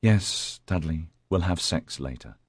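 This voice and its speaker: A man reading an audiobook and voicing a weary, composed young woman who talks calmly with a dry, sarcastic edge. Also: low-pitched, unhurried, breathy edge, no room sound, heavily acted. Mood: patient. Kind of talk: audiobook character voice.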